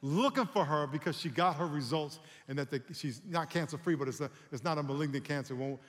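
A man preaching a sermon as pastor, animated and calling on the congregation to respond. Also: fairly high pitch, quick pace, big-room sound.

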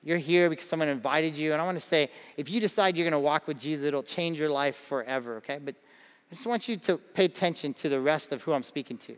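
A man's voice: fairly high pitch, fast, in a large hall. A male pastor preaching a conversational sermon to a congregation. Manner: conversational preaching, acts out quoted voices.

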